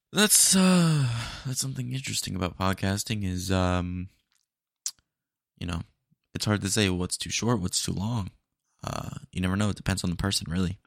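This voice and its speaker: Laid-back young man with a gravelly low voice. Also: dry recording. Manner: laid-back, rambling, jokey. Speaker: podcast host. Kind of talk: solo casual podcast talk.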